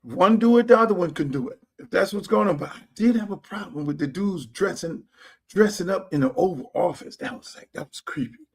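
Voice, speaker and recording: A middle-aged man, hosting a livestream in a blunt, profane, animated manner. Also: high-pitched, fairly quick, creaky, husky. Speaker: host. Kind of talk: casual livestream talk. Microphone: streaming setup.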